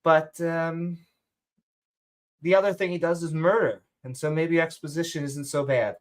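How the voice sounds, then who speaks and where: A woman's voice: low-pitched, steady tone, measured pace. Joking woman hosting a live call show. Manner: joking, sarcastic asides, sing-song bursts. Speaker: show host. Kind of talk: casual chat, reading supporter shout-outs. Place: online voice call.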